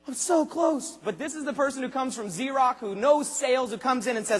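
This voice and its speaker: Man, motivational speaker, very high voice, husky tone, lively speech to a big arena crowd. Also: fairly quick, long reverb tail. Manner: animated, acts out quoted voices, rhetorical questions to the crowd. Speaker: motivational speaker at a sales convention. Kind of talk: energetic motivational speech to a large audience. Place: large arena convention hall.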